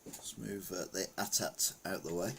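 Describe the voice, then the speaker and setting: With slight background noise, a middle-aged man from England talks at normal speed in a deep, gravelly, somewhat bright voice with a steady tone. He's casually chatting on a retro gaming stream, rambling through old stories and reading the chat out loud.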